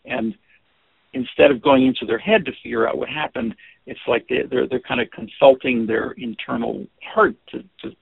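A man giving an informal lesson on listening in a gentle, hesitant way, with many restarts and fillers. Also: medium pitch, normal speed, gravelly, husky, no echo. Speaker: teacher of listening skills. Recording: dry, phone-like narrow sound.

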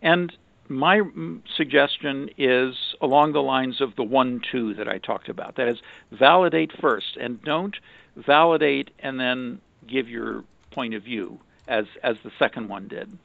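A man explaining relationship advice in a halting, casual way, with many restarts and fillers. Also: mid-range voice, creaky, no echo. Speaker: relationship communication commentator. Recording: dry, phone-like narrow sound.

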